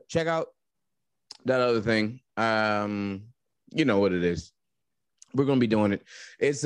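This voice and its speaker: A man with a North Jersey accent co-hosting a podcast, joking and teasing in casual chat. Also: mid-range voice. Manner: teasing, joking, quick to laugh. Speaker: podcast co-host.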